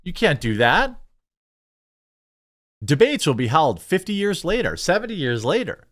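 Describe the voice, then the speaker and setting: A man hosts a reaction commentary, sarcastic and mocking in tone. His pitch swings up and down, and he often stammers and restarts mid-sentence. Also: very animated, a little slow, a bit bright. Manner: sarcastic and mocking, bursts of laughter. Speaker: commentary show host.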